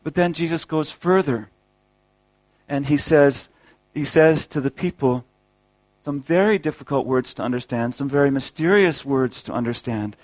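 Earnest preacher, dry close sound. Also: male voice, a little high, normal speed, a little mellow, dry recording, poor audio. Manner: earnest, rhetorical questions, repeats words. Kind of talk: sermon.

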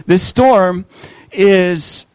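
A man delivering a sermon in a fairly high voice, often posing questions to the congregation and drawing out key words to stress them. The sound is close and dry, with almost no room echo. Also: darkish tone, smooth. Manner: asks the congregation questions, slows for emphasis. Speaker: preacher.

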